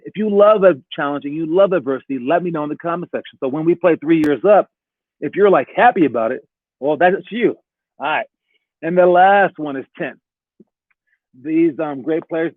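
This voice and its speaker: A basketball coach talking casually to his players and viewers, often acting out quick back-and-forth quotes. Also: on the high side, no echo. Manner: conversational, acts out quick quoted exchanges. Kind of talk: casual talking-head advice video. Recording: tinny phone-like dry sound.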